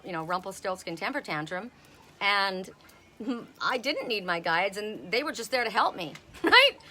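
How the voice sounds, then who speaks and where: A woman's voice: medium pitch, bright, forceful tone. A woman reading oracle cards on a casual live stream outdoors, talking bluntly and swearing freely. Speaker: oracle card reader.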